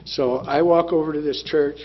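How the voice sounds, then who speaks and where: A man's voice: a little high, steady tone, moderate pace. Blunt, plain-spoken man telling his story. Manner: plain-spoken, blunt, repeats phrases for emphasis. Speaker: speaker sharing recovery story. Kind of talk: personal testimony talk. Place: meeting room. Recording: dull lo-fi room recording with faint noise.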